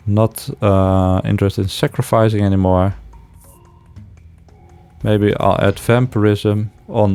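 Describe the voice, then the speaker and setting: A man's voice: on the low side, darkish tone, clean tone, dry recording. A man giving casual let's-play commentary, thinking aloud with hesitations and frequent chuckles. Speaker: game streamer.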